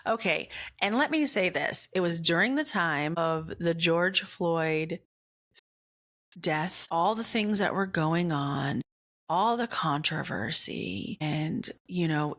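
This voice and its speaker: With a lowish, fairly bright voice, this podcast host shares a personal story on her faith-based comedy show, poking fun at herself and laughing along. She voices other people's lines in quick, put-on impressions.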